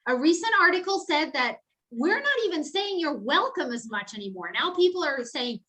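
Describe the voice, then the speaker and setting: A middle-aged woman giving a lively, chatty online lecture over a video call, full of casual asides. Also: high voice, normal speed, poor audio. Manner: chatty, animated, peppered with "like" and "right?". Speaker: guest lecturer.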